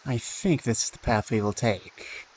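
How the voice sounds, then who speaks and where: A man's voice: mid-range voice, measured pace, a little mellow, slight background noise, low-quality recording. A man streaming a game, thinking aloud with dry asides and reading the game text.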